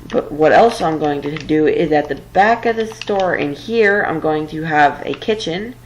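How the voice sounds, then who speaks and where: Woman with a deep low voice, casual let's-play chatter, rambling and flustered, tired, faint background hiss and typing. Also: lively intonation, unhurried, rough recording. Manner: rambling, flustered, self-deprecating. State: tired late at night. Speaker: gameplay commentator.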